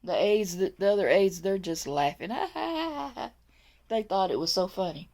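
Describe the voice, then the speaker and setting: A woman's voice: lowish voice, a little fast, a little mellow. A woman who works as a nursing assistant, telling a funny work story in a storytime vlog, laughing as she goes.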